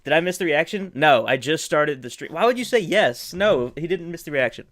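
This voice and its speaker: A young man streaming live from home, reacting with loud excitement and laughter, with faint music behind. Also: on the high side, a little fast. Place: home room.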